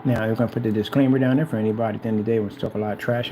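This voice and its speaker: A man talking casually and repetitively, hyping himself up while reading instructions aloud haltingly. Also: fairly low pitch, fairly even intonation, dark tone, low-quality recording. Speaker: DIY projector screen vlogger. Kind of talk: casual self-recorded commentary.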